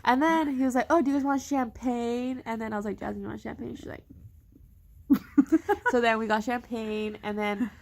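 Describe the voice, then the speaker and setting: A woman's voice: fairly high pitch, normal speed, gravelly. Chatty young woman telling a story. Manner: chatty, says "like" a lot, quotes others in a lively way. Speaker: vlogger. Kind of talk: casual travel storytelling.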